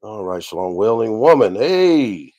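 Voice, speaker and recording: A man's voice: fairly low pitch, big pitch swings, measured pace, dark tone, no echo, muffled recording. A man hosting a livestream Bible teaching, greeting viewers one by one by name and often repeating his phrases. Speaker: minister and livestream host.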